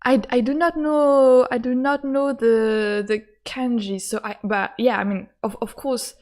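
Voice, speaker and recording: A woman with a voice, commenting casually on a game she is streaming, excitable, stammering and laughing often. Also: a little high, a little slow. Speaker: gaming streamer. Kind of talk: casual let's-play commentary.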